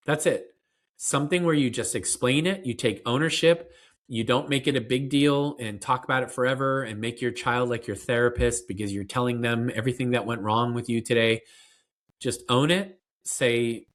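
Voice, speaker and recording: A man's voice: mid-range voice, normal speed, a bit bright. Earnest man explaining parenting advice. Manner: earnest, explanatory, with fillers and restarts. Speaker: parenting expert guest. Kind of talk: conversational interview answers.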